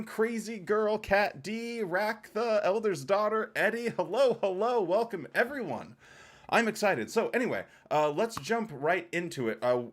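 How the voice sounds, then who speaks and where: A man hosting a casual livestream, greeting viewers in chat by name and chatting in a loose, rambling, joking way. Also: a little high. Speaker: livestream host.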